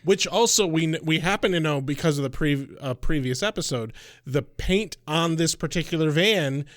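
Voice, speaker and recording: A man's voice: on the high side, moderate pace, no room sound, clean studio sound. A man co-hosting a casual podcast review, venting with profanity and exasperation about poor plotting. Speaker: podcast co-host.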